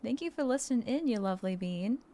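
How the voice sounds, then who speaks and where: A woman game streamer chatting casually with her viewers while playing, bubbly and excitable, playful and joking. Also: a little high, fast. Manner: bubbly and excitable, with gasps and giggles; playful, jokes and role-plays as a mermaid.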